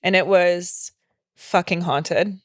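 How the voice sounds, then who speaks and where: A woman's voice: on the low side, slow, no room sound, clean studio sound. Rambling, profane young woman. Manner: loose, rambling, profane storytelling. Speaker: podcast co-host. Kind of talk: casual chat.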